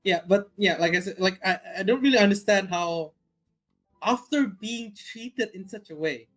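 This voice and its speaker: A mid-pitched speaker chats casually in a hesitant way, with many restarts and fillers. Faint music sits underneath the voice. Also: moderate pace, fairly bright tone, low-quality recording. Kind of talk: casual chat.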